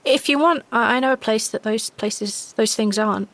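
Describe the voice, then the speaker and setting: A woman voicing a wary young woman survivor who speaks in halting, stammering bursts. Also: on the high side, a bit bright, voice pushed up.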